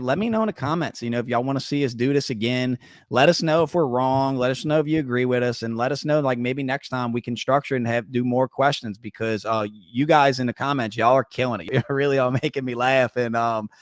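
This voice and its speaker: A man's voice: mid-range voice, dry recording, studio quality. Laid-back man hosting a livestream. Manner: laid-back, addresses the chat as y'all. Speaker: host. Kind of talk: casual livestream talk.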